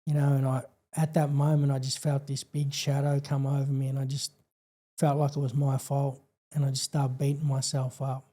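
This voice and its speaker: An Australian man recounting a painful personal story as a podcast guest, earnest and halting, with many fillers and restarts. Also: mid-range voice, warm tone.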